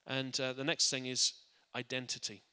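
A man preaching a sermon to a congregation. He speaks earnestly, often restarting or repeating words, and drops quiet and soft on his reflective points. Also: medium pitch, little pitch movement, moderate pace, smooth. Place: church. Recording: long church hall reverb.

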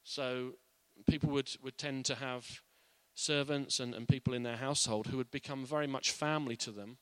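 A man's voice: mid-range voice, steady tone, normal speed, a bit bright, smooth, no echo. A man giving an informal, earnest Bible teaching in a conversational way.

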